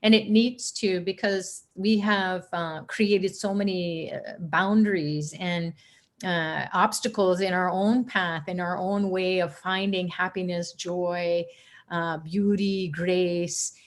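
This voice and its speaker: A woman giving an earnest spiritual talk on a chanting call, telling stories with animated quotes and laughter. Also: lowish voice, slow pace.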